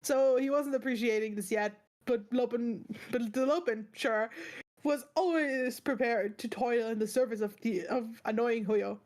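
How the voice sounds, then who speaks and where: A woman's voice: fairly high pitch, moderate pace, darkish tone. A woman hosting a book club read-along, reading aloud with frequent laughs and self-corrections. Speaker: book club host, reader.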